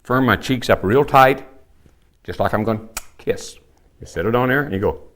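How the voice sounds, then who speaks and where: A man's voice: mid-range voice, moderate pace, fairly bright tone. An older man with a folksy, plainspoken manner, teaching elk calling and demonstrating the calls as he talks. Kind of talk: hands-on calling tutorial.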